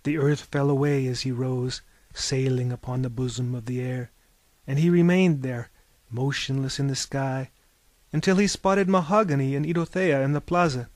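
A man reading a story aloud in a measured, lyrical way. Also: mid-range voice, steady tone, a little mellow, no room sound. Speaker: narrator.

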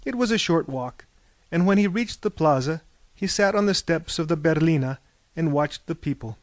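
A man reading a story aloud in a measured, lyrical way. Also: fairly high pitch, expressive, dry recording. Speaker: narrator.

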